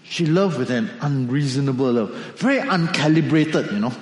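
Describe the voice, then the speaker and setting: A man preaching a sermon, animated storytelling with acted asides. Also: medium pitch, moderate pace, reverberant, long reverb tail, rough recording. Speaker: pastor.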